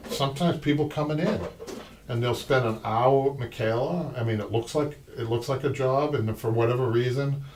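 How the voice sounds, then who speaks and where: A man's voice: mid-range voice, moderate pace, darkish tone. A man with a Boston accent talks his way through customer questions on a live show. He rambles, doubles back and restarts often. He sounds set back from the mic, with a faint hiss under him. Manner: rambling, with many restarts and asides. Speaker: upholstery shop owner and show host. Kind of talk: casual live-stream talk. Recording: distant mic with faint noise.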